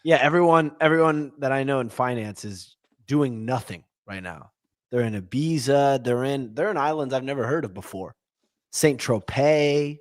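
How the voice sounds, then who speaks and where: A man's voice: mid-range voice, moderate pace, no room sound, studio quality. A man co-hosting a podcast, chatting in a laid-back, joking way. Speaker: co-host. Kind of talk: casual podcast chat.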